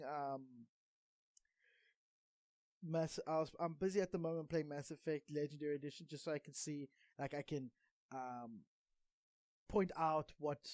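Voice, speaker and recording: A man's voice: fairly high pitch, a little mellow, no room sound. A South African man chats on a gaming podcast in a wry, meandering way. He stumbles through fillers and restarts as he goes. The sound is close and dry, with no room in it. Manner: rambling and wry, with many ums and self-corrections. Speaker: podcast co-host. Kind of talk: casual gaming podcast chat.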